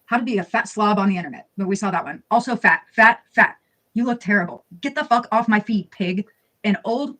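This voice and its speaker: A woman's voice: medium pitch, fairly quick, fairly bright tone. A woman narrating scripted commentary, reading out posts in a blunt, sarcastic tone and swearing freely. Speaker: video narrator.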